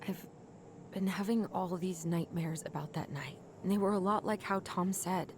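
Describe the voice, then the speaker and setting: A woman's voice: fairly low pitch, normal speed, background noise, close to an everyday voice. An actress voicing a troubled young woman in a video game, speaking hesitantly and uneasily. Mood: uneasy. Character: troubled young woman doubting her memories.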